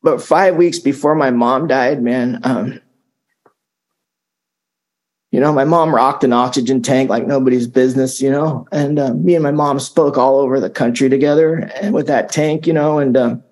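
A middle-aged man telling his recovery story in a casual, halting way, often repeating words and saying "man" and "dude". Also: mid-range voice, steady tone, darkish tone. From Southern California. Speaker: speaker sharing recovery story. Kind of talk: recovery talk.

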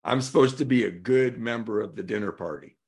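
A man's voice: on the low side, fairly quick, darkish tone. A middle-aged man from California giving a candid personal recovery talk at a convention, telling stories and acting out what others said. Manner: candid storytelling, acting out quoted voices. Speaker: recovery speaker. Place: convention hall.

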